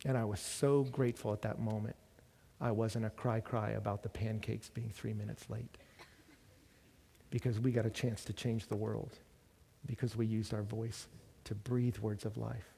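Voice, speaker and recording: Conversational preacher in a reverberant hall. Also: male voice, lowish voice, fairly even intonation, normal speed, gravelly, long pauses, warm tone, breathy edge. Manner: conversational storytelling preaching with rhetorical questions. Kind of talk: sermon. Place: large hall at a college ministry gathering. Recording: long reverb of a large hall.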